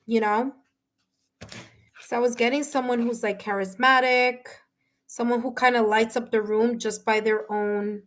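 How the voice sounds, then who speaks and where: A woman reading tarot live for her viewers, talking warmly and emotionally, with many fillers and restarts. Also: a little high. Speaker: tarot reader and medium. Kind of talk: live-stream reading, casual chat with viewers.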